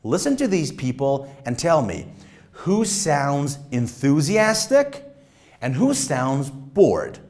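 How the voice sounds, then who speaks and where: A man teaching an exam-prep lesson, speaking emphatically and deliberately and demonstrating rises and falls in his voice. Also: a little high, big pitch swings, darkish tone. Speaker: English test-prep teacher. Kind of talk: instructional lesson.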